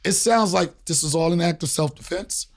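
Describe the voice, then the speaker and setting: A man's voice: on the high side, normal speed, vocal fry. A man from the Washington, D.C. area, hosting a podcast and telling a long story in casual chat with lots of swearing and acted-out voices. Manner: animated, profane storyteller acting out voices. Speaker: podcast host.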